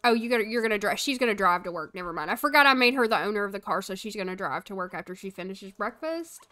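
With a sharp, animated, medium-pitched voice, a young woman talks fast while live-streaming a life-sim game. She chats casually, tells her characters what to do, and responds to viewers in her chat.

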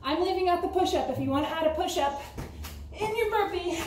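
A very high-pitched, animated, fairly quick woman with a darkish tone coaches a home workout from the United States, counting reps and a little out of breath. There's a bit of hiss or hum, and the distant camera in her ceiling-fan room yields a roomy sound with background music.

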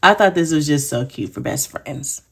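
A woman speaks in a low voice, chatting casually to her viewers. She is giggly and effusive, calling everyone y'all. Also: moderate pace, vocal fry, fairly bright tone, husky. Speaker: planner sticker vlogger. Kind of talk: casual chat.

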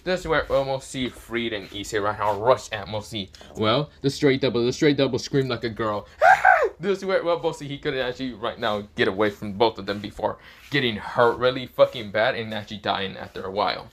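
A man's voice: mid-range voice, fairly quick, slight background noise. A young man narrating an improvised fan-fiction story, rambling with lots of fillers and restarts. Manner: rambling, many fillers like "this is where, well, mostly".

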